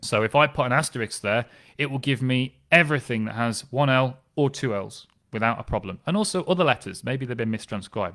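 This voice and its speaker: A man's voice: medium pitch, a bit bright. A man working as a family history specialist, explaining census records in a conversational, enthusiastic way. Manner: conversational, with fillers and restarts, enthusiastic. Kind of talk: explanatory talk on genealogy records.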